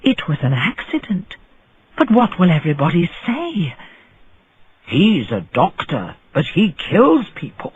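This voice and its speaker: A man doing a frightened doctor, husky and anxious, muttering to himself. His lines come slowly and unevenly, rising and dropping. The sound is thin and tinny. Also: sits high, huge pitch swings, no echo, full character voice. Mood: worried. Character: frightened male doctor, scheming.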